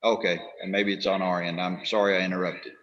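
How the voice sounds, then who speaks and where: A man's voice: sits low, flat delivery, a little fast. A man chairing a public meeting in a polite, formal manner, calling on speakers. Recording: dull lo-fi call audio.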